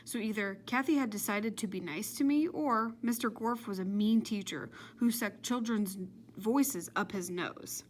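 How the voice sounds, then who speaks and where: A woman's voice: mid-range voice, unhurried, a little hiss or hum, close to an everyday voice. A woman voicing a chatty, sing-song school lunch lady. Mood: calmly explaining.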